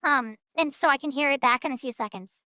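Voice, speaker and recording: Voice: sits high, fairly quick, bright, forceful tone, no room sound. A streamer talking through a voice-changer filter that makes them sound childlike, rambling and self-deprecating in casual gameplay commentary.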